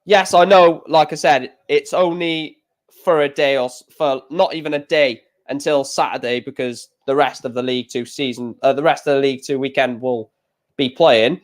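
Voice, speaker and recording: A man's voice: mid-range voice, fairly even intonation, normal speed. A man chatting casually over a live darts stream, rambling and getting emotional about football. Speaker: live stream reaction host. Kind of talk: casual live reaction commentary.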